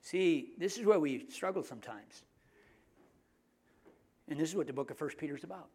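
A middle-aged man preaching a sermon in a conversational, joking way, often dropping his voice to hushed asides. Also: a little high, expressive, moderate pace, slightly rough. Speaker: pastor.

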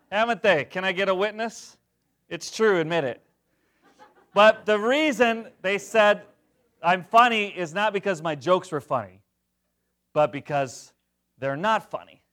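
Animated middle-aged male pastor. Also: sits high. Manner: jokey, animated, swings from loud to hushed. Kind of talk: sermon.

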